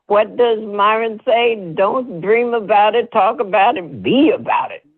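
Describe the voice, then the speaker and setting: A woman hosting a spiritual group call, leading call-and-response affirmations in a lively, folksy, preacherly way. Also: mid-range voice, measured pace. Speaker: host. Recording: tinny phone-line audio.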